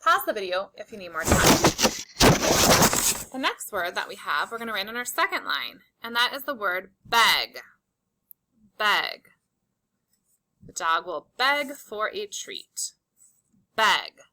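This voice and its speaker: A woman teaching a slow, patient phonics lesson to young children, stretching out and repeating each word for emphasis. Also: medium pitch, sing-song, bright, forceful tone, low-quality recording. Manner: drawn-out, emphatic word repetitions.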